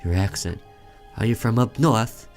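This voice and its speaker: A man's voice: lowish voice, measured pace, soft background music. A man voicing a curt, guarded male police officer in a horror game.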